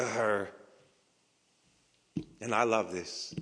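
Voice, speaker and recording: A male pastor preaching a sermon with dramatic delivery, dropping to hushed whispers and rising to emphatic peaks, slow and deliberate with repeated phrases. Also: mid-range voice, animated. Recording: long hall reverb.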